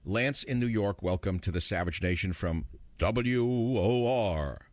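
A man's voice: lowish voice, unhurried, darkish tone, no room sound, muffled recording. A man hosting a talk radio show, combative and mocking as he rants about the news.

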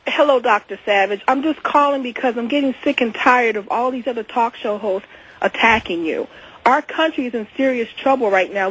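A woman's voice: fairly high pitch, a bit bright, slightly rough. A woman calling in to a radio talk show, speaking earnestly and supportively over a phone line. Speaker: caller.

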